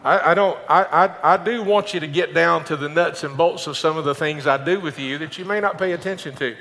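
A man's voice: on the high side, a little fast, sharp tone, in a large hall. An older man, a pastor, preaching a conversational sermon, often repeating words as he starts a thought.

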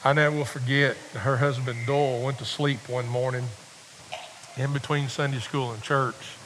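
A middle-aged preacher telling homespun stories from the pulpit, often restarting his words before pressing his point with fervour. His voice sits at a medium pitch, and a faint hiss runs under the recording. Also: steady tone, normal speed. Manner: folksy, rambling storyteller with many restarts, building to fervent exhortation. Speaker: visiting preacher. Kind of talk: sermon with personal storytelling.

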